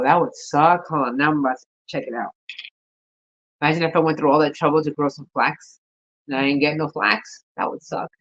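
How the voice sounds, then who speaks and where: A woman's voice: low-pitched, highs cut off. Tired, chatty woman gardening vlogger. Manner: rambling, chatty, talks to herself. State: tired, yawning. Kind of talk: casual vlog chat.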